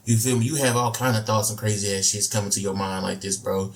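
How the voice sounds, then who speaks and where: A man's voice: lowish voice, fairly even intonation, fast talker. Man, casual reaction host, slangy, laid-back, rambling, repeats phrases.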